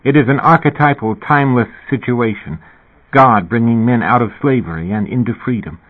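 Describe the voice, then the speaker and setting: A man voicing a calm, devout young woman who explains things reasonably, his voice lifted a little higher. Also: moderate pace, husky. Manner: calm, reasonable, lightly pitched-up. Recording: tinny phone-like radio sound.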